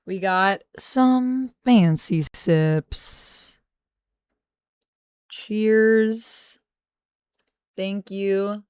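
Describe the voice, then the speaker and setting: A woman's voice: mid-range voice, drawn-out words, pauses often, a little mellow, clean tone, dry recording, studio quality. A young woman live-streaming, chatting casually and playfully with her viewers and thanking them. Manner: playful, teasing banter with chat.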